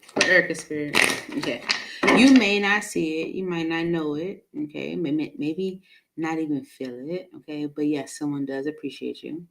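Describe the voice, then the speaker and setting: A woman's voice: low voice, normal speed, slight background noise. A woman giving a casual live tarot reading, chatty and laughing often, with many fillers. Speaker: tarot reader.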